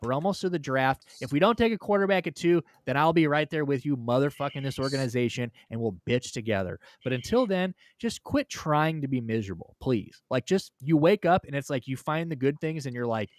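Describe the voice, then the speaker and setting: A man's voice: mid-range voice, animated, brisk, hardly any pauses, no room sound, studio quality. A man hosting a casual sports talk livestream, rambling and swearing, often ranting heatedly. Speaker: host.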